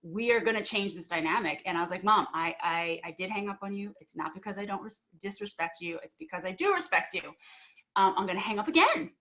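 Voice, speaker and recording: A young woman speaks earnestly and with feeling, acting out both sides of a past argument as she tells her story. Her voice sits at a middle pitch. The sound is a bit muffled and dull, like audio from a video call. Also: lively intonation, brisk, pushed and bright. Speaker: panel speaker. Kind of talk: personal storytelling on a panel.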